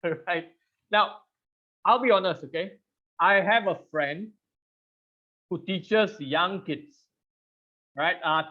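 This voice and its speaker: A man in his thirties with a high voice leads a public speaking class over a video call. He is animated, laughs often and keeps asking the audience questions. The sound is dull and lo-fi. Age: 30s. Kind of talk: online class presentation.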